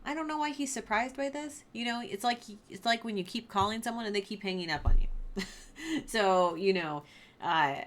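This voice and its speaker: A woman's voice: fairly high pitch, moderate pace. A young woman who teaches a casual Bible lesson in a chatty way, with lots of fillers, and who reads scripture aloud. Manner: chatty, filler-heavy, laughs at the story.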